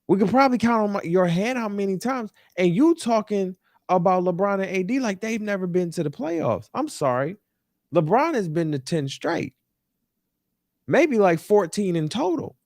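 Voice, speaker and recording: A young man holds forth on a sports talk show, emphatic and exasperated, repeating his points. His pitch swings widely, and his voice sits a little high for a man. The sound is close and dry, with no room around it. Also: a little mellow, no echo. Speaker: podcast host. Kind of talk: animated sports talk rant. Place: New York.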